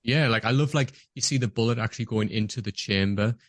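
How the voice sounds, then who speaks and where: A man's voice: lowish voice, quick pace, dry recording, studio quality. Eager man reviewing a film. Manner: enthusiastic, acts out scenes. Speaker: podcast co-host. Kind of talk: casual movie review chat.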